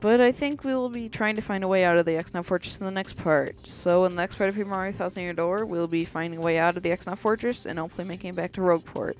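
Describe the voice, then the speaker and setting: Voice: mid-range voice, quick pace, few pauses, soft background music. A let's play host commentating a video game in a casual, joking, slightly rambling way.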